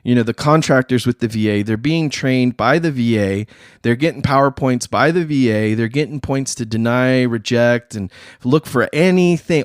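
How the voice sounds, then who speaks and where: A man hosting a casual talk show, talking in slang and acting out other people in quick voices. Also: medium pitch, no echo, studio quality. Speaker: podcast host. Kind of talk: casual chat.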